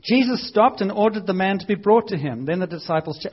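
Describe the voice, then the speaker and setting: A man preaching a lively, conversational sermon, acting out voices and now and then shouting. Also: sits high, quick pace, slightly rough, highs cut off.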